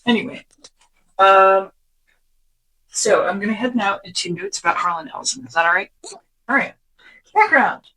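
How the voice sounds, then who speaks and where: A podcast co-host chatting casually and summarizing from notes, animated, sometimes dropping into a whisper for quoted lines. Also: mid-range voice, normal speed, gravelly, pauses often, rough recording.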